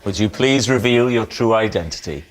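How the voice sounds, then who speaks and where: A man's voice: on the low side, expressive, moderate pace. A man hosting a comedy panel show, playful and teasing. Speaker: game show host. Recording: studio audience laughter, noisy TV mix.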